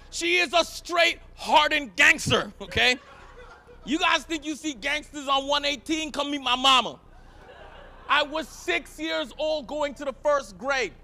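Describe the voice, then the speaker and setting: A man performing a stand-up comedy set, telling animated stories and shouting his punchlines. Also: very high-pitched. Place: live event stage.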